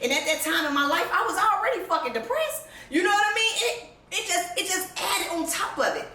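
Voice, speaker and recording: A woman with a high, bright voice tells her own story straight to camera, blunt and profane, laughing often. She sounds emotional, close to tears. She is picked up from a distance in an echoey room with faint noise behind her. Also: lively intonation, fairly quick. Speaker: vlogger. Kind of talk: candid personal storytelling. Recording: roomy echo, distant mic, faint background noise.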